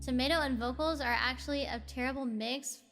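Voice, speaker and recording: A hoarse woman chatting casually on a livestream, self-mocking and sighing between remarks. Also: high-pitched, a little fast, a bit bright, long reverb tail, soft background music. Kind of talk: casual stream chat.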